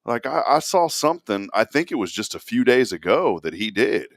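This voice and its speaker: A middle-aged man co-hosting a morning show, telling stories in a lively way and laughing often. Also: medium pitch, normal speed, dry recording, studio quality. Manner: animated storyteller, laughs often. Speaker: radio show co-host. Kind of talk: casual chat.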